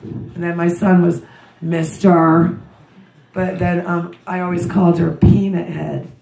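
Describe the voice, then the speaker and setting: A hoarse woman with a cold gives a rambling, emotional memorial tribute to her daughter. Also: fairly low pitch, flat delivery, measured pace, dark tone. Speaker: grieving mother giving a memorial tribute. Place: memorial service room. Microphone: recorded from a distance by someone in the room. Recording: dull, roomy, distant recording.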